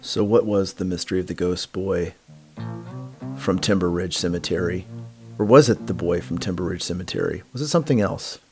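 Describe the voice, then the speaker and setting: A man narrating a podcast in a relaxed, musing way. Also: low-pitched, moderate pace, soft background music. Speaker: podcast host.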